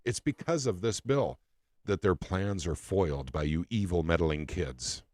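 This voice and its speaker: A man's voice: low voice, lively intonation, a little slow, a little mellow, dry recording, studio quality. A man hosting a casual political talk show, speaking emphatically and repeating phrases for effect. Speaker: podcast host.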